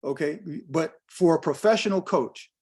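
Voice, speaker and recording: Older American male coach in his 60s, slightly high voice, direct and emphatic, repeats his points. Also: moderate pace, a little mellow. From United States. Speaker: business coach presenting a workshop. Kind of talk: workshop talk on pricing.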